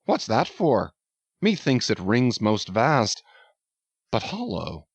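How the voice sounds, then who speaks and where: Wry whispering sailor read by a man, hushed and low, dry sound. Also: wildly swooping pitch, slow pace, slightly rough, no echo, exaggerated voice. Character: wry second mate muttering aside. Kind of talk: audiobook character reading.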